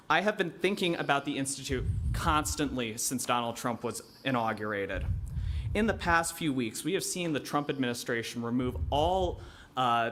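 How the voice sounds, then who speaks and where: A man's voice: mid-range voice, a bit bright, a little hiss or hum. A young man, a medical student, giving an earnest, impassioned public comment in a city council chamber. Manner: earnest, impassioned, voice rising with emotion.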